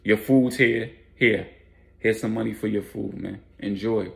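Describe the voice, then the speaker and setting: A man voicing a shady older man posing as a realtor, evasive and placating, with a low gravelly voice. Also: steady tone, measured pace.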